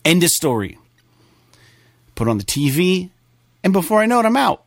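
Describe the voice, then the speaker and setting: A young man hosting a gaming podcast, his voice sitting a bit high for a man. He talks casually and tells stories with lots of swearing and "like" fillers. The recording is close and dry. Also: moderate pace, vocal fry, no echo. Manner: animated storytelling, heavy swearing and filler "like". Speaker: podcast host.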